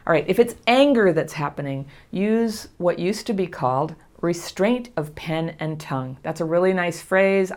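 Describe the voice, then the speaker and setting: A middle-aged woman calmly and reassuringly teaching about healing from trauma, laughing softly now and then. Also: lowish voice. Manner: gentle, reassuring, laughs often. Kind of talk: casual spoken lesson to camera.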